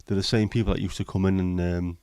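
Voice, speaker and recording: A man hosting a relaxed livestream, rambling between jokes and greetings to viewers. His voice sits very low with a dark, mellow tone. He talks in a flat, even line. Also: fast, clear, resonant tone, no room sound, studio quality. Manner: rambling, jokey, chatting to viewers. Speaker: livestream host. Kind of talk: casual livestream chat.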